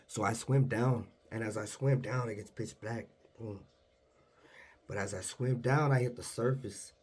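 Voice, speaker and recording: A young man casually retelling a vivid dream in a hushed, low-key way, acting out the dialogue. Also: fairly even intonation, moderate pace, husky. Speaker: storyteller.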